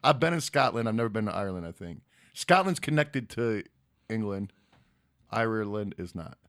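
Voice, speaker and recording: Crude, blunt man from Michigan with a Michigan accent, podcast co-host; bright, forceful tone. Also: fairly low pitch, expressive, normal speed. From United States. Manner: crude, loud bursts when reading names. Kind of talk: casual chat reading viewer super chats.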